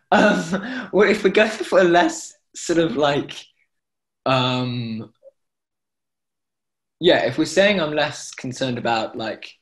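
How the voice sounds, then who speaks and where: A man's voice: on the high side, animated, very slow, long pauses, a bit bright. A man teaching Torah chanting in an online class, talking enthusiastically and breaking into short sung examples over a video call.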